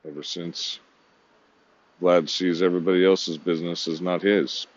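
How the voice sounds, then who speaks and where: A man's voice: low voice, little pitch movement, normal speed, muffled recording. A man talking to himself in a rambling, disjointed monologue, swearing now and then.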